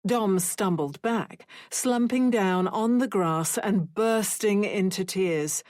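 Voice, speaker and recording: Unhurried female audiobook reader, mid-pitched, dry close recording. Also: a little mellow, dry recording. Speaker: audiobook narrator. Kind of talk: audiobook narration.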